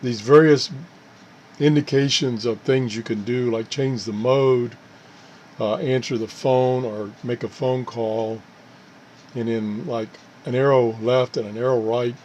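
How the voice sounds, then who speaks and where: A man's voice: medium pitch, steady tone, unhurried, darkish tone, slight background noise. A man hosting his own channel, talking casually and unscripted about a gadget, often correcting himself and chuckling at his own mishaps. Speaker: channel host reviewing gadgets. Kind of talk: casual unscripted product talk.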